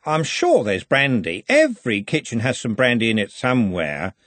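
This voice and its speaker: A man's voice: medium pitch, wildly swooping pitch, normal speed, fairly bright tone, dry recording. A man reading aloud, voicing a sly, hard-drinking man who makes sardonic wisecracks. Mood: cheeky. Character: sly thirsty man, fashion hanger-on.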